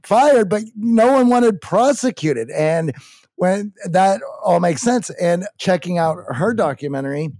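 A man co-hosting a podcast, talking haltingly with many "uh" pauses. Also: high-pitched, animated, a little mellow, no room sound, studio quality. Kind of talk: conversational commentary.

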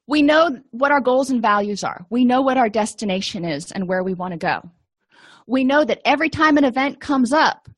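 A woman's voice: a little high, no echo. Middle-aged female counselor, conversational teaching tone, dry close sound. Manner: explanatory, conversational, uses examples. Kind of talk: recorded lecture.

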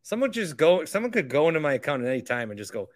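A man's voice: on the high side, very animated, very fast. A man hosting a podcast, rambling casually and mocking himself, with the odd swear. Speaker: podcast host.

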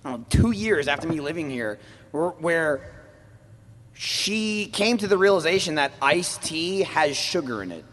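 A man hosting a podcast panel on stage, telling animated, swearing stories in casual chat. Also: on the high side, moderate pace. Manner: animated storyteller, swears a lot. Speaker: podcast host. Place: live convention stage. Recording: large hall with long reverb.

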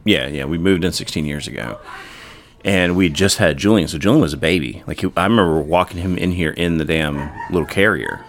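A man's voice: low voice, a little fast. A man in his forties co-hosting a podcast, chatting casually, swearing and laughing often. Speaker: podcast co-host. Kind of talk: casual chat.

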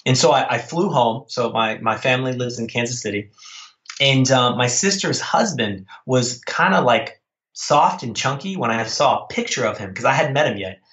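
A man's voice: medium pitch, animated, normal speed, a bit bright. A man telling a story as an interview guest, rambling with many restarts. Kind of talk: casual storytelling. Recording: echoey, dull lo-fi audio.

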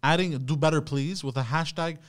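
A man's voice: on the high side, brisk, clean tone. A man co-hosting a podcast in a hesitant, mumbling casual chat. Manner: mumbling, hesitant, says bro. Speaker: podcast co-host.

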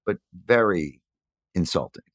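A man in his fifties from New York, a guest in a candid interview, telling his story earnestly and reflectively with animated emphasis. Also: low voice, measured pace, no echo, clean studio sound. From New York, USA. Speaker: podcast guest.

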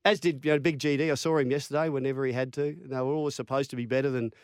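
A man's voice: mid-range voice, racing, smooth, no room sound, studio quality. A man in his fifties with an Australian accent, a former footballer telling stories in an interview, acting out quotes and laughing at his own tales. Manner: animated yarn-spinner, acts out quotes, laughs at own stories. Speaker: former rugby league player, interview guest. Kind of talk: storytelling interview chat.

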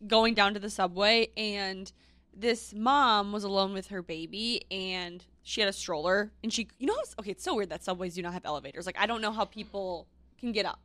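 A young woman co-hosting a podcast, telling stories in a chatty, animated way. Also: medium pitch, fairly quick, dry recording. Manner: chatty, animated storytelling with laughs. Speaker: podcast co-host. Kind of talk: casual chat.

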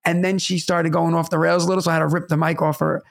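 Man, from New York City, comedian, animated storyteller, gravelly tone, higher pitch. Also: fast talker. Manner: animated storyteller, laughs often. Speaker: stand-up comedian. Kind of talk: casual podcast chat.

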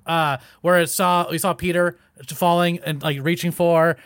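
Man, podcast guest, high voice, loose rambling chat, lots of fillers. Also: level tone, normal speed, a bit bright, clean tone, dry recording, clean studio sound. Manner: rambling, fillers, restarts, mimics others playfully. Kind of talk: casual panel chat.

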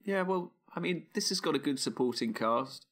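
A man's voice: a little high, expressive, normal speed, a bit bright. Wry, rambling man reviewing films. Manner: wry, rambling, self-interrupting. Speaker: podcast co-host. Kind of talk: casual film chat.

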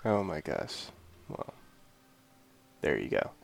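A man's voice: very deep voice, sing-song, slow pace, vocal fry. A man co-hosting a podcast in casual chat, enthusiastic and playfully teasing. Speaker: podcast co-host.

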